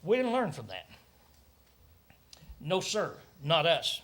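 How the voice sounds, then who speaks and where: Man, preacher, sermon, high-pitched, frequent throat clearing. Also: wildly swooping pitch, takes it slowly, fairly bright tone. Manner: clears his throat often, asks rhetorical questions.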